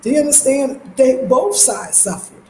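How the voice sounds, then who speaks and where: A woman in her fifties with an African American accent, talking in an animated, emphatic way as a lifestyle channel host, with laughs and casual swearing. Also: high-pitched, moderate pace, reverberant, slight background noise, rough recording. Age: 50s. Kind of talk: casual monologue.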